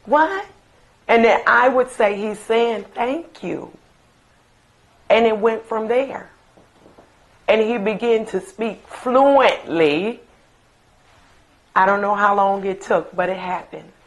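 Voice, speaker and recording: A middle-aged woman, a mother remembering her late son, telling stories in an interview with slow, emphatic reminiscing and fond asides. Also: mid-range voice, steady tone, rough recording. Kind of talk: recorded interview, personal storytelling.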